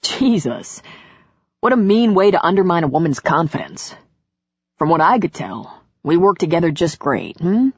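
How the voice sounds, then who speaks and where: A woman voicing a gentle, reassuring man in a romance audiobook, speaking low, soothing and teasing. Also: big pitch swings, moderate pace, husky, dry recording, exaggerated voice. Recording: dull lo-fi audiobook recording.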